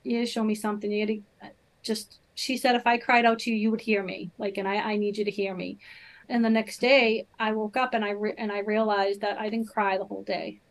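A woman's voice: mid-range voice, level tone, a little fast, low-quality recording. A middle-aged woman, telling her personal faith story as a podcast guest, earnest and full of fillers. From Boston area. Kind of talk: personal testimony in casual interview.

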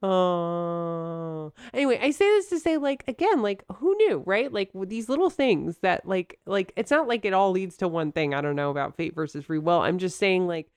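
A woman's voice: fairly low pitch, animated, moderate pace, a little mellow, clear, resonant tone, no echo, studio quality. A woman co-hosting a podcast in casual chat, bubbly and rambling, laughing often as she talks. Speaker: podcast co-host.

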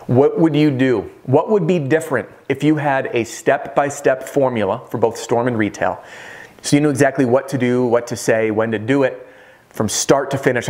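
A man teaching roofing sales straight to camera in an energetic way, firing off rhetorical questions. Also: mid-range voice. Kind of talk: direct-to-camera sales training talk.

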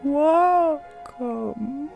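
A man voicing a mysterious female carnival fortune teller in a high, slow, drawn-out voice. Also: gravelly, lo-fi sound, soft background music, heavily acted. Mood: hushed. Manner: slow, drawn-out, theatrical delivery.

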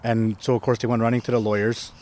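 A man's voice: medium pitch, level tone, fast, darkish tone, a little hiss or hum. A man who is a First Nation chief, telling a story in a casual interview outdoors, rambling with many restarts and tag questions. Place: outdoors on a hill.

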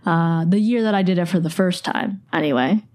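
A woman's voice: fairly low pitch, a little fast, a little mellow. A young woman in her twenties hosting a podcast, sharing a personal recollection in a casual, rambling way with lots of "like". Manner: casual, rambling, heavy use of "like". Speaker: podcast host.

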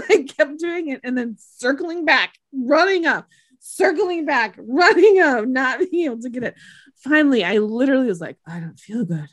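Giggly woman in casual chat, very high and expressive voice. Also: moderate pace, no echo. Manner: giggly, laughs often while talking.

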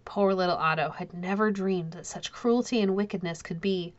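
A woman narrating a classic children's novel in a calm, measured reading. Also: fairly low pitch, muffled recording. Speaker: audiobook narrator. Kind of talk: storybook narration.

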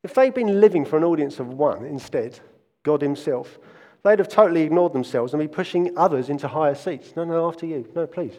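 Preacher in an echoing hall. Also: male voice, fairly high pitch, lively intonation, a little fast, darkish tone. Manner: earnest storytelling with frequent restarts. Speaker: pastor. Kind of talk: sermon.

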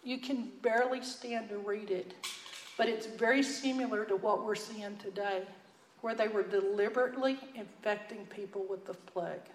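A woman with a Texan accent, teaching a sermon in a folksy, earnest storytelling way that drops to a hush for emphasis. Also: mid-range voice, steady tone, normal speed, roomy sound, slight background noise, low-quality recording. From Texas. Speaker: Bible teacher.

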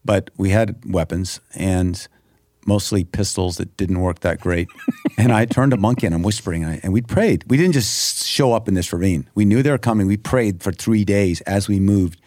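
A man's voice: low voice, moderate pace, a little mellow, dry recording. A man as an interview guest, telling a story vividly and emphatically, acting out the prayers he quotes.

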